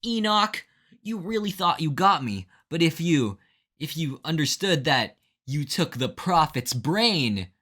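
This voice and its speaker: A man putting on a triumphant male hero with a raised, theatrical voice, delivering a big reveal in anime style. The lines come out loud and slow. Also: sing-song, exaggerated voice. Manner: high, dramatic and declaiming.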